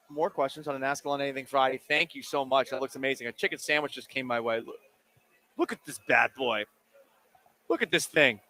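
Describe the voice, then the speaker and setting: A man hosting a sports radio show, chatting casually and joking with listeners' questions. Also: mid-range voice. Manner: animated, jokey, talks while eating. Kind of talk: casual call-in radio talk. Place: radio studio. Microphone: studio microphone.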